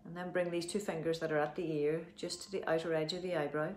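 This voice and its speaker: A woman with an Irish accent leading a guided tapping session, giving gentle instructions and slow, soothing affirmations. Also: deep voice, level tone. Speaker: tapping practitioner. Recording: roomy echo.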